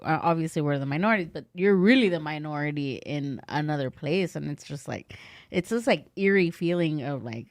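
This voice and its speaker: A woman's voice: low voice, lively intonation, fairly quick. A woman with a Californian accent, co-hosting a podcast in a chatty, laughing way with bits of Spanish. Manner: chatty, laughs often, slips in Spanish phrases. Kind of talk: casual podcast chat.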